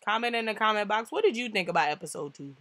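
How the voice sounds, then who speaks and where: A young woman from the tri-state area talks through a TV episode in a loose, slangy vlog. Her pitch swings widely and her tone is bright and sharp. The sound is close and dry. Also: fast talker, no echo. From New York–New Jersey tri-state area. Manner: animated, slangy, laughs often, acts out quotes. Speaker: TV show reviewer. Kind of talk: casual vlog review.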